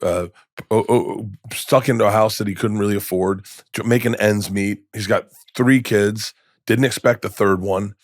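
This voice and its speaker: A man's voice: lowish voice, fairly even intonation, normal speed, dry recording, clean studio sound. A middle-aged man, a comedian guest, telling candid stories in a podcast interview, rambling and restarting, with emotion showing through.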